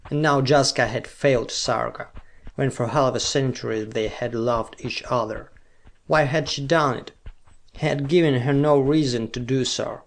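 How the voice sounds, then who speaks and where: A man narrating an old pulp science-fiction story in a measured, steady reading. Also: mid-range voice, vocal fry. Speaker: audiobook narrator.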